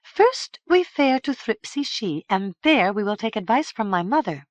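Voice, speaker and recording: A woman voicing a firm, level-headed young girl of noble birth who speaks crisply and decisively. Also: fairly high pitch, very animated, a little fast, no echo, dull audio, pitched above the performer's own voice.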